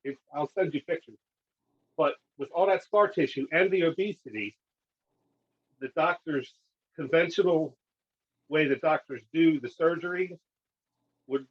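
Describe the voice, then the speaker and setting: A man's voice: a little high, breathy edge, dull audio. A man casually telling a podcast host a long personal story, acting out what the doctors and nurses said to him. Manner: animated, acts out dialogue with doctors and nurses. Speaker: guest.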